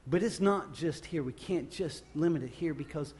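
A male pastor preaching a sermon off the cuff, swinging from loud emphatic bursts to quiet low passages and often restarting his phrases. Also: moderate pace. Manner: repeats and restarts phrases while speaking off the cuff.

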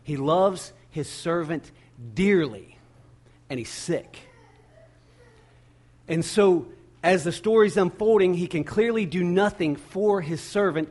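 Man preaching an animated sermon. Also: high-pitched. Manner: animated storytelling with dramatic pauses and repeated words. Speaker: pastor.

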